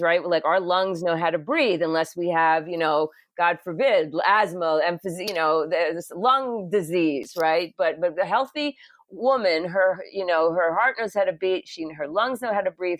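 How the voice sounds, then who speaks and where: An older woman, a nurse-midwife guest, telling a personal story in a conversational interview, animated and laughing, with frequent restarts and fillers. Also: fairly low pitch, normal speed, dry recording.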